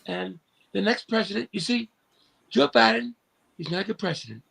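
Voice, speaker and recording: A man's voice: high voice, vocal fry, a bit bright, breathy edge, voice pushed up, exaggerated voice, rough recording. A man voicing a rambling, confused elderly male politician who halts and repeats himself. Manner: halting, repeating words, pleading.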